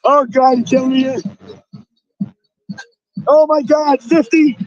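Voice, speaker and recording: A man live-streaming outdoors at a rally, excitably shouting thanks to donors with a strained voice. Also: very high-pitched, slow, dry recording, muffled recording. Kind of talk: excited live-stream chatter reading donations.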